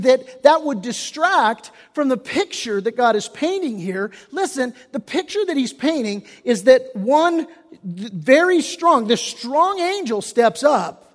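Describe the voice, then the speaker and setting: A man's voice: very high-pitched, big pitch swings, slow. A man preaching a sermon as pastor, impassioned and folksy, rising and dropping his voice, often restarting phrases. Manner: casual folksy wording. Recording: long reverb of a church hall.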